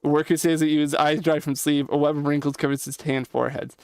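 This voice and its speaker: A man's voice: on the high side, level tone, quick pace, darkish tone, smooth, no echo, studio quality. A young man streaming a game, reading the dialogue aloud and joking between lines. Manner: reads text aloud, jokes and comments between lines.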